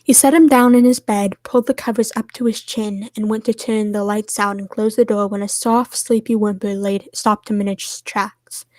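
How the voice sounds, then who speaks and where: A woman reading fan fiction aloud to friends on a stream, steady and soft in the sad parts. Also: medium pitch, moderate pace, hardly any pauses, dry recording.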